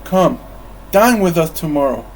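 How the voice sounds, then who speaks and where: A man voicing a cheerful, charming young man in a storybook reading, speaking out boomingly. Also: huge pitch swings, a little slow, slight background noise. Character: cheerful, warm-hearted young man nephew.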